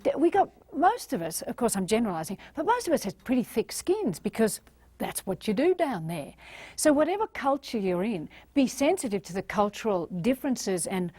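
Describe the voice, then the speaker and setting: A middle-aged Australian woman delivers a motivational talk with lively, swooping intonation and plenty of emphasis. Her voice sits a little high for a woman. The recording is dry and close, with no room sound. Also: moderate pace, breathy edge, no room sound. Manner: animated, emphatic, acts out little scenes. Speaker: motivational speaker.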